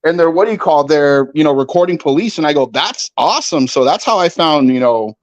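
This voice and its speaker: A man's voice: fairly high pitch, lively intonation, brisk, dull audio. A man guesting on a livestream, telling a story in a rambling, casual way full of "like" and "you know". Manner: rambling, filler-heavy, acts out quotes.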